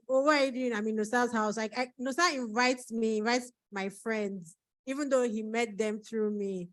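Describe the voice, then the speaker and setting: A woman's voice: a little high, no echo, low-quality recording. A woman from Nigeria, an author giving an emotional thank-you speech at her book launch, fighting back tears. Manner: tearful, holding back crying.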